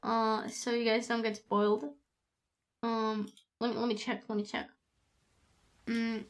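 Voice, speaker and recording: A woman's voice: on the high side, flat delivery, measured pace. A young woman streaming, chatting casually with her viewers, rambling and swearing freely with lots of fillers. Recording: music playing under the voice. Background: music in the background.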